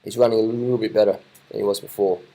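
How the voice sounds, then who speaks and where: A man giving casual, excited commentary over race footage, repeating his phrases and swearing now and then. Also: lowish voice, racing.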